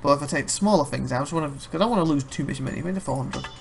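A man rambling through casual gameplay commentary, chatty and quick to laugh. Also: a little high, creaky, a little hiss or hum. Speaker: let's play host.

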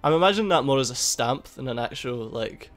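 A man giving casual, excitable gameplay commentary, swearing a lot and laughing at the game. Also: medium pitch, a little fast. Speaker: gaming YouTuber. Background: faint game music.

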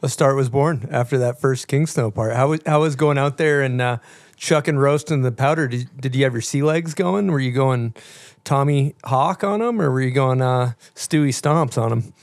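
A man's voice: mid-range voice, normal speed, no echo, clean studio sound. A man co-hosting a podcast, chatting in a jokey way with lots of slang. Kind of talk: casual chat.

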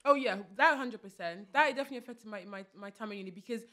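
Fast-talking woman. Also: on the high side. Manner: animated, restarts often, quotes her mum in voices. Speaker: podcast co-host. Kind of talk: casual chat.

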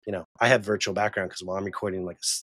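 A man's voice: sits low, steady tone, a bit bright, breathy edge, dry recording, clean studio sound. A man in his forties hosting a podcast from a small sound closet at home, chatting casually and praising his guest with enthusiasm. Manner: enthusiastic, quick to praise and laugh. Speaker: podcast host. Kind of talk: casual interview chat.

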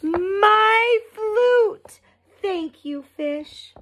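A woman voicing an excitable little five-year-old girl ferret in a storybook reading, with high squealing cries. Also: very slow, full character voice. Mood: overjoyed.

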